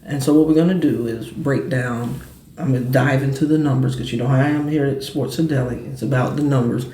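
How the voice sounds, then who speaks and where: A man hosting a casual sports and cigar talk show, telling stories in quick, animated bursts. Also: medium pitch, reverberant, a little hiss or hum.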